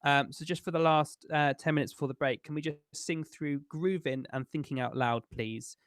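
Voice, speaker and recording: A man's voice: a little high, steady tone, normal speed, fairly bright tone, dry recording, studio quality. A man with an English accent leading a choir rehearsal over a video call, giving chatty, instructive tips with plenty of fillers. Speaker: choir music director.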